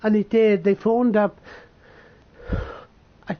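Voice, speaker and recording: A man from the United Kingdom telling a painful personal story, halting, tearful and swearing as he talks. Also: high-pitched, little pitch movement, highs cut off, a little hiss or hum. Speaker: vlogger.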